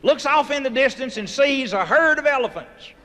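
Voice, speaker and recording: High bright comedian in a hall. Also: male voice, moderate pace. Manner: folksy, animated, with sudden loud voiced sound effects. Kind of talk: stand-up storytelling. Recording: live show recording from a hall with audience ambience.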